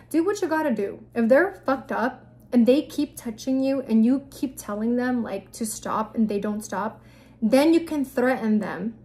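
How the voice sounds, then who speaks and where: A young woman with a fairly high voice gives frank, no-nonsense advice straight to the camera. Her delivery is casual and blunt, full of fillers and mild profanity. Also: warm tone. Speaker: vlogger giving advice.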